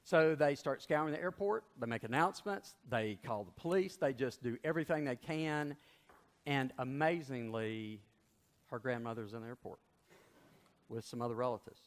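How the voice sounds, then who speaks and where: A male pastor tells a sermon story in an animated way, at a middle pitch. His voice carries the long reverb of a large church. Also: moderate pace.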